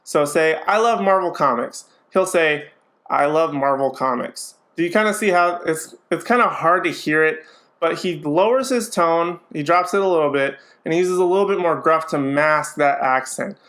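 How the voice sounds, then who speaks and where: A man's voice: on the high side, a bit bright. A man giving a casual, opinionated movie review, chatty and hedging with frequent ums.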